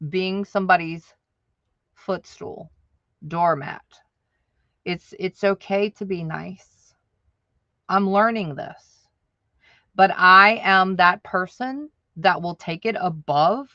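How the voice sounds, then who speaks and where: This audio-only livestream features a woman chatting casually to her viewers and laughing often, her mid-range voice bright and forceful. The recording is dry and muffled.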